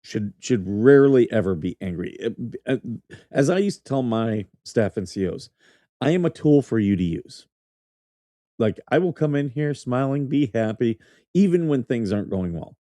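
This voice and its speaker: A middle-aged man, a podcast host and former military officer, tells rambling, profane stories and laughs through them in casual chat. His mid-range voice is warm and animated at a normal speed. The sound is clean studio quality with no echo.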